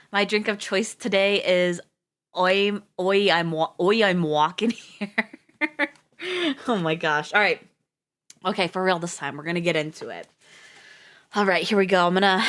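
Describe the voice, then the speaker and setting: A woman's voice: fairly low pitch, a bit bright. A young woman reading a fairy tale on a live stream, laughing often and stopping for casual asides.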